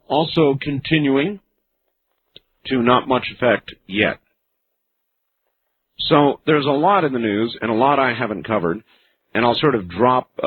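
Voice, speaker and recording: Guy hosting late night call-in radio, slow and musing, lots of uhs, thin phone-like sound. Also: on the low side, husky, dry recording. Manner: musing, drawling with many fillers. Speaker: radio talk show host. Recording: narrow phone-like radio broadcast with faint hiss.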